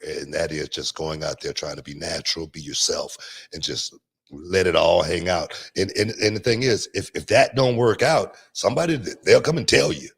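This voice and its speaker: A man's voice: low-pitched, normal speed, vocal fry, breathy edge. A man hosting a podcast, chatting casually, laughing often and repeating words as he tells stories. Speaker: podcast host. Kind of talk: casual chat.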